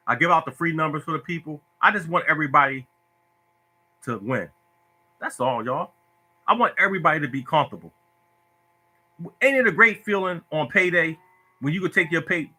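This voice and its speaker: In a casual phone livestream on Facebook, a man gives lottery advice in an emotional, preachy, repetitive style. He speaks with a fairly high, pushed, bright voice.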